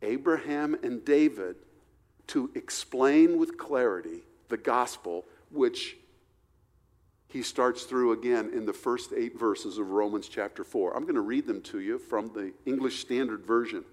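A male pastor preaching a sermon, reading scripture slowly and with emphasis, then explaining it in an earnest, conversational way. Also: mid-range voice, a little mellow, long reverb tail. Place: church sanctuary.

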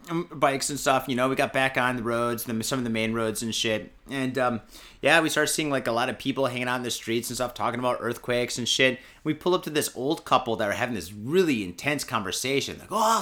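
A podcast host telling a casual story, excitable and profane, with lots of filler words. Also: male voice, mid-range voice, fairly quick. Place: podcast studio.

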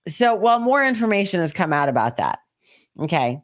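A woman's voice: lowish voice, sing-song, moderate pace. A woman with a Queens, New York accent co-hosting a podcast, bantering sarcastically and teasing her co-host. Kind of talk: casual chat.

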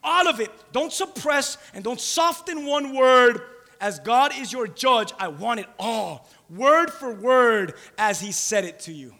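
A man's voice: sits high, brisk, few pauses, a bit bright, in a large hall. A man voicing Eli, an old male priest who urgently insists on hearing everything. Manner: pleading, insistent.

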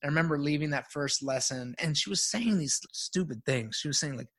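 A middle-aged man, a guest on a podcast, telling a personal story in an animated, self-mocking way and laughing often. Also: fairly high pitch, a little fast, husky. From United States.

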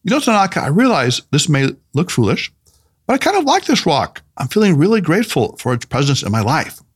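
A skeptical male doctor voiced by an audiobook reader speaks in a raised, fairly high voice with a wide, lively pitch range. He sounds incredulous and defensive, an earnest man being pushed past his comfort. It's a storybook reading with put-on character lines. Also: brisk, husky.

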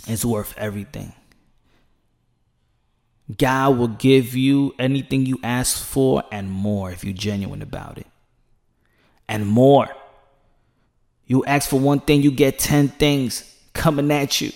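A man giving passionate, preachy commentary in a vlog, swinging from hushed to loud and emphatic. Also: mid-range voice, a little slow, long pauses. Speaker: commentary vlogger.

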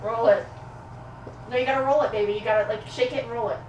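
A woman playing a tabletop game, coaxing a small child gently between turns. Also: a little high, steady tone, fast, highs cut off, slight background noise. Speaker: player and parent. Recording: distant, roomy, loud background music.

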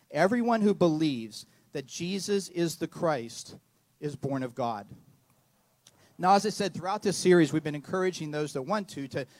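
A man's voice: fairly high pitch, no echo. A middle-aged man preaching a sermon, telling a story in an earnest way and often repeating words. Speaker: pastor.

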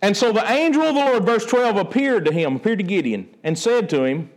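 A man preaches a sermon in a high voice. He acts out the dialogue of the story as he tells it, animated and expressive. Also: moderate pace, few pauses. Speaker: pastor.

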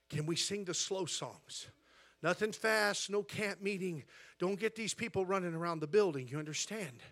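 A man preaching a sermon as pastor, with an American accent, telling a story quietly and then rising to loud, shouted preaching in a church. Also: fairly high pitch, slightly rough. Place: church sanctuary.

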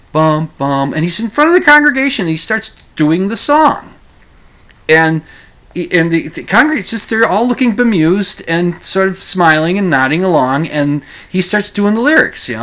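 Very animated, this podcast host speaks with a bright, forceful tone at a moderate pace while retelling a story. His delivery is casual and meandering, punctuated by self-corrections and chuckles, and he voices quoted lines in a higher register.

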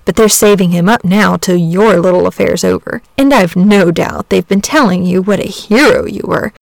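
A woman's voice: mid-range voice, vocal fry, dry recording. A woman voicing an earnest young village boy who pleads eagerly for his dragon friend in a storybook reading. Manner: eager, pleading, talks in a rush.

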